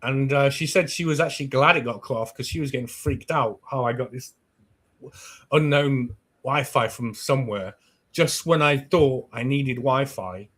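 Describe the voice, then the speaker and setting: A man with a British accent, a podcast host who chats casually and tells stories with lively swearing. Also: mid-range voice, moderate pace. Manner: animated, swears freely, acts out his own past thoughts. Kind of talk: casual chat, storytelling.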